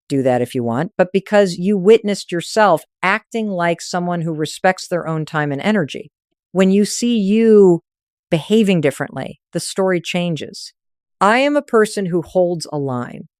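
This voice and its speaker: Firm, low-voiced woman giving motivational narration. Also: no room sound, studio quality. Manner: firm coaching tone in short punchy phrases.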